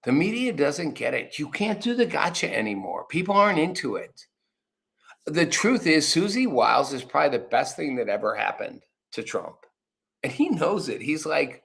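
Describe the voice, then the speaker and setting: A man's voice: fairly high pitch, very animated, moderate pace, creaky, a bit bright. A man hosting a political commentary show, talking casually and rambling, swearing freely and acting out quotes. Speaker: show host.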